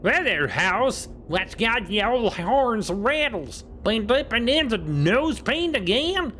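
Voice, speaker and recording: A man's voice: extremely high pitch, sing-song, slow pace, pushed and bright, slight background noise, voice pushed up, full character voice. A man voicing a cheerful old-timer cowboy with drawling, folksy western talk. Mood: teasing.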